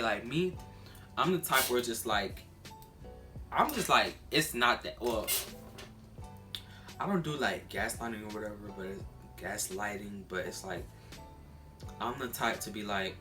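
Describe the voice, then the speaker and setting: A man's voice: fairly low pitch, lively intonation, measured pace, pauses often, sharp tone, faint music behind. A man telling a casual storytime while eating, rambling with lots of fillers and repeated restarts. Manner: often repeats himself and restarts. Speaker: vlogger.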